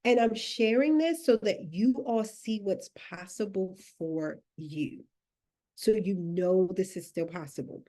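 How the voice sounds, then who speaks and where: A woman career coach giving a live online masterclass, animated and emphatic, laughing often as she coaxes her audience along. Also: medium pitch, a little slow. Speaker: career and personal branding coach.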